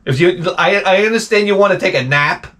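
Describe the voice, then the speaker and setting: A man's voice: high-pitched, brisk, bright, forceful tone, slight background noise. A middle-aged man hosting his own show, grumbling through a profane, exasperated casual rant. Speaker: show host. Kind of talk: casual ranting monologue.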